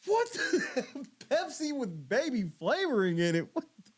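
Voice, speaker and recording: A man's voice: extremely high pitch, wildly swooping pitch, a little slow, slightly rough. A man hosting a podcast, giving casual reaction commentary and laughing in disbelief. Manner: laughing, incredulous. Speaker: podcast host.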